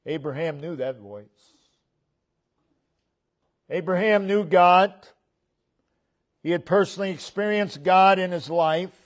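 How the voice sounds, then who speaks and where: A pastor delivers a sermon in a church sanctuary, preaching slowly and deliberately. His voice drops low and soft at the ends of phrases and rises when he wants emphasis.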